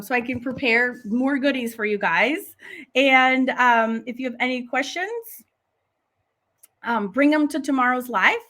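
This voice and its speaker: A middle-aged woman runs a live-streamed online art class, reading comments and chatting with viewers in a casual, enthusiastic way. Her voice is fairly high, bright and pushed, and she laughs a lot.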